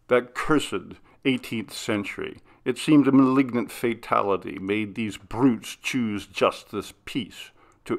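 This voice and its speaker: A man narrating a classic ghost story in a measured, dramatic reading. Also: medium pitch, a bit bright. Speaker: audiobook narrator.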